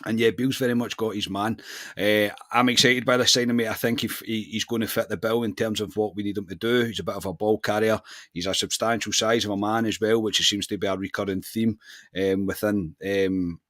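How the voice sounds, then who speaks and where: A man's voice: on the low side, fairly even intonation, brisk, fairly bright tone, no echo, clean studio sound. A Scottish man co-hosting a football podcast, talking in a casual, matey way with frequent restarts. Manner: chatty, says mate constantly, self-mocking laughs. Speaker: podcast co-host.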